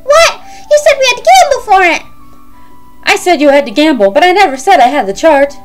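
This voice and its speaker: Excitable tiny male cat creature, shrill and whiny; a woman voices it. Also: fairly quick, music in the background. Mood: outraged. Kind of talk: let's play character voicing.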